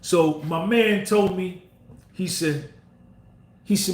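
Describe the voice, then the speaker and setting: A man's voice: high voice, slow pace. A man hosting a podcast, telling a story in a casual way, repeating himself and acting out what others said. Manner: repetitive, acts out quoted dialogue. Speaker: podcast host. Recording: roomy echo.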